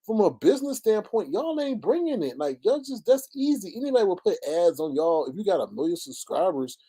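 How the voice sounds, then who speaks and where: A man with runs a casual livestream, throwing out sassy asides to his viewers. His voice sits dark and mellow, but his pitch jumps all over the place, up to high shrieks and laughs. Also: big pitch swings, fairly quick, husky. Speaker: livestream host.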